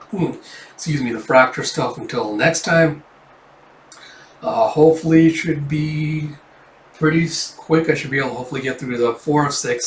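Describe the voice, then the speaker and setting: A man's voice: medium pitch, slight background noise. A man casually reading a comic aloud and adding offhand commentary, with frequent swearing and fillers. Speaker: comic readthrough host. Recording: roomy, distant mic, faint ambience.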